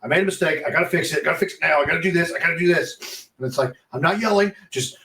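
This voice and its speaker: A man in his thirties tells a lively story on a podcast and acts out every quote. His voice is a bit higher than usual and sits back from the mic, with an echoey room around it. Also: racing, vocal fry, recorded from a distance. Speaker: podcast co-host. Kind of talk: casual storytelling.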